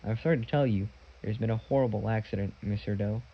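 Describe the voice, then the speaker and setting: A man's voice: on the low side, quick pace, lo-fi sound. A man playing a sly, hissing villain. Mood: smooth, fake. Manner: hissing threats, fake sorrowful politeness.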